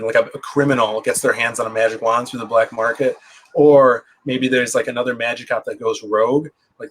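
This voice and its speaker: Brief: male comic creator guest, casual rambling livestream chat, average pitch. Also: fairly bright tone. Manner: chatty, rambling with many fillers.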